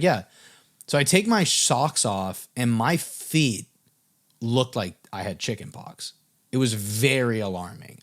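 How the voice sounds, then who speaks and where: Casual young man telling a story. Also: medium pitch. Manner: casual, filler-heavy, swearing. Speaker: music business coach.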